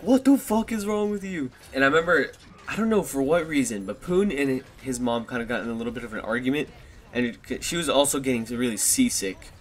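There's a little hiss or hum as this young man in his twenties, a vlogger, casually recounts a story on a desktop USB microphone. He has a mid-range voice, and he rambles, swears frequently and laughs at himself.

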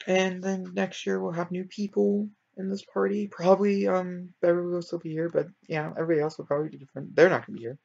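Gushing, gravelly-voiced young man. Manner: gushing, rambling, excitable, voice jumps high when thrilled. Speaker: gaming video creator. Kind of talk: casual game commentary. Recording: dull lo-fi home mic.

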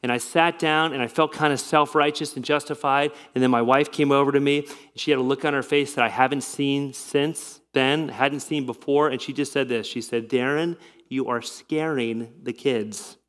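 A middle-aged man preaching a sermon as pastor, earnest and confessional, with frequent restarts and a voice that drops soft and low in personal stories. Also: steady tone, fairly quick, few pauses, smooth. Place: church sanctuary.

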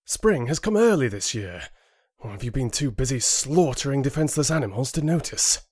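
A man's voice: medium pitch, very animated, a little slow, dry recording, clean studio sound, pitched above the performer's own voice. A man voicing an angry, defiant young man who speaks in a bitter, accusing tone in an audiobook.

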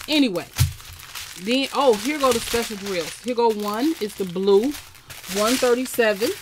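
A woman's voice: medium pitch, slight background noise. A woman with chatting casually to viewers while unboxing a crafting kit. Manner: chatty, talks to viewers and camera. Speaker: crafting vlogger.

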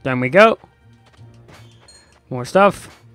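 A young man giving sarcastic, excitable let's-play commentary to his viewers. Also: mid-range voice, very slow, clean tone, soft background music. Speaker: gaming YouTuber.

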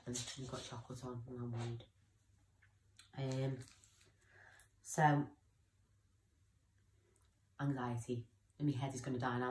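A woman's voice: a bass voice, a little mellow, roomy sound, a little hiss or hum. A young woman talking candidly in a personal vlog, rambling and often losing her train of thought. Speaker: vlogger.

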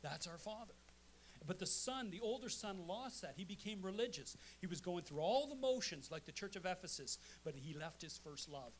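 A man's voice: high-pitched, animated, moderate pace, slight background noise. A male pastor preaching a sermon to his congregation, emphatic, often asking "amen?". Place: church sanctuary.

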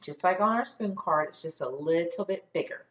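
A woman teaching a phonics lesson to young children, stretching out sounds slowly and clearly for them to repeat. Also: lowish voice, echoey room, a little hiss or hum. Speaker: first grade teacher.

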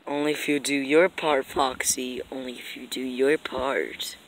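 A woman voicing a cruel, mocking nightmare villain in a fan animation, speaking in a hushed, taunting half-whisper. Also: low-pitched, expressive, takes it slowly, a little hiss or hum, full character voice, poor audio. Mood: menacing. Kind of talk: amateur voice acting for a fan animation.

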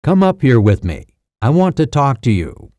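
A man's voice: medium pitch, very animated, normal speed, dark tone, no echo, studio quality, close to an everyday voice. A man doing a tense, commanding army officer. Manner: commanding, insistent. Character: tense male soldier officer giving orders.

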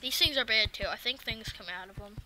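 A woman giving casual let's-play commentary, excitable and talking back to the game's enemies. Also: on the high side, brisk, faint music behind. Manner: excitable, swears and talks to the game enemies. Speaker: gaming video creator.

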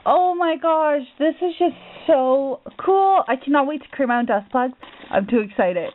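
A woman's voice: high-pitched, animated, normal speed. Gushing woman on tinny lo-fi audio. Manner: gushing, gasping, repeated exclamations. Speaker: craft vlogger. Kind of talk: package opening vlog.

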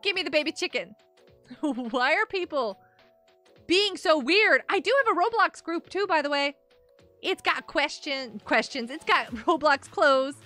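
A bubbly young woman chatting through a live game stream, her voice high and bright, swinging up and down as she reacts. Soft game music plays behind her. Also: expressive, measured pace. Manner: bubbly, exclaims and laughs often, talks to chat.

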